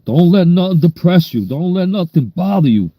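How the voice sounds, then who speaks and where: A man's voice: sits high, lively intonation, moderate pace, no echo, highs cut off. A man in his sixties with a New York accent, telling stories in a rambling, down-to-earth way during a casual livestream. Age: 60s. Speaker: livestream host.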